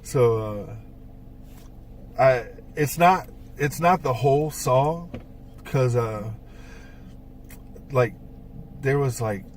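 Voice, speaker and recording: A man's voice: medium pitch, darkish tone. A man chats casually on a podcast, wandering through his stories with plenty of "uh" and "like" and the odd curse word. He sits a little back from the microphone, so his voice sounds distant. A faint hiss runs under the whole recording. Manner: rambling storyteller with frequent fillers and swearing. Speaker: podcast co-host and band songwriter. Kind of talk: casual chat.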